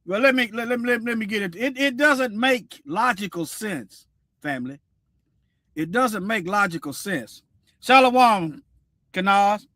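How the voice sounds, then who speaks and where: Brief: male stream host, preachy and repetitive, sharp high voice. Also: a little slow, pauses often, dry recording, studio quality. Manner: preachy, repeats himself, animated. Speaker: livestream host. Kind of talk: casual commentary livestream.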